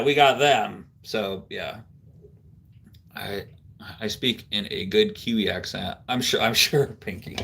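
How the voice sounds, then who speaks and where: A man's voice: medium pitch, a bit bright. Rambling middle-aged man chatting on stream. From Central New York. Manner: rambling storyteller, filler-heavy, laughs easily. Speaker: livestream host. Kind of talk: casual chat with live viewers.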